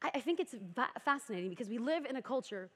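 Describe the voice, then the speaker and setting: A young adult woman preaching a sermon, telling the story with animated energy and acting out voices. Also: fairly high pitch, fast, in a large hall.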